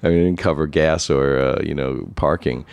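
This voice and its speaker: Very deep-voiced man telling his story. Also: normal speed, vocal fry, clear, resonant tone, no room sound. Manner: rambling, many restarts, animated when recalling. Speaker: comic book dealer. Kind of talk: casual autobiographical storytelling.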